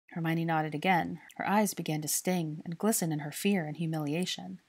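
A woman reading fan fiction aloud in a steady storytelling manner. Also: sits low, brisk, hardly any pauses, husky. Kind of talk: scripted narration.

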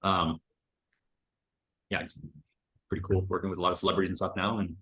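A man's voice: low voice, level tone, brisk, sharp tone, roomy sound. A man reviewing a recorded sales call in casual commentary, loose and chatty, full of filler words and the odd swear.

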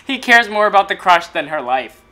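A man hosting a reaction video, talking to viewers in an excitable, teasing way. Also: high voice, a little fast. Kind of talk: reaction commentary.

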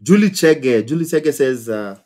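A man with a Kenyan accent hosts a casual advice stream, his voice husky and a little rough around the edges. He talks in bursts, exclaiming and circling back to repeat key phrases for emphasis, sitting at an ordinary middle pitch for a man. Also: expressive, measured pace, a little mellow. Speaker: host.

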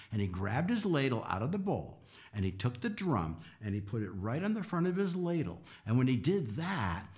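A man telling a story to children, animated and coaxing them to act along and count with him. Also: mid-range voice. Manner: animated, coaxing kids to join in. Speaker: children's storyteller and folk musician.

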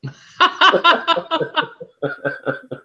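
A man's voice: very high voice, huge pitch swings, very slow, pushed and bright, muffled recording. A man hosting a casual livestream chat, joking loosely and swearing freely. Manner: loose, swearing, jokey banter. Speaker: host of a beer livestream.

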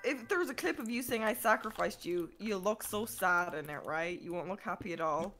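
A woman chatting playfully during a video game, teasing her partner and sometimes shouting. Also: lowish voice, expressive, fairly quick, over music. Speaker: gaming stream guest. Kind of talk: casual gaming chat.

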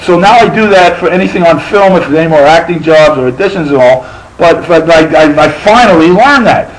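A man's voice: sits high, expressive, moderate pace, rough recording. A middle-aged man with a lisp, telling a profane, rambling stand-up story full of restarts. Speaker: stand-up comedian.

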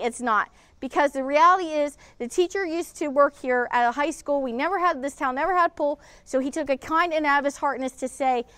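A woman with a high, somewhat bright voice, recorded without echo, hosts a local history vlog on location outdoors beside a pool. Her talk rambles and turns emotional, getting heated and including swearing.

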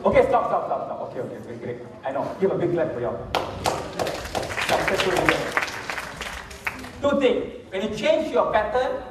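A man's voice: sits high, slight background noise. A man with a Malaysian English accent, teaching a workshop from slides and asking the audience for agreement. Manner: instructive, asks the audience for agreement. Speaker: workshop trainer. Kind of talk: lecture with slides. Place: lecture hall. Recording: echoey hall, distant mic.

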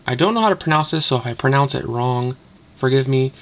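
Man with a gravelly voice, rambling unboxing. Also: medium pitch, expressive, fast. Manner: rambling, offhand, filler-heavy. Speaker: vlogger doing an unboxing. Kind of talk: casual unboxing commentary. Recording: dull lo-fi camera audio with noise.

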